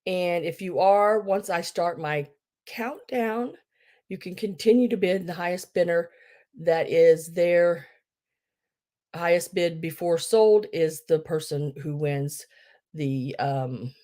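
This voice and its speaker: A middle-aged woman runs a casual live-stream sale in a somewhat low voice. She chats easily, greets viewers by name, and fills her talk with ums and restarts as she explains how the bidding works. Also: takes it slowly, dark tone. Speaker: online live-sale seller.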